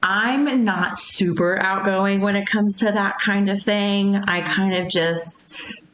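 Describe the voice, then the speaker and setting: A woman's voice: mid-range voice, slow, fairly bright tone, a little hiss or hum. A woman in her thirties chatting as a podcast guest, hesitant, with many ums and restarts. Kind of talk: casual interview chat. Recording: echoey room.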